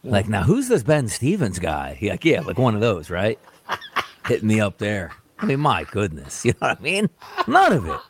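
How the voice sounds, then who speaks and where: A man's voice: on the low side, big pitch swings, normal speed, noisy background. A man co-hosting a sports betting radio show, talking in a rambling, casual way full of "like" and restarts. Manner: rambling, filler-heavy, lots of "like".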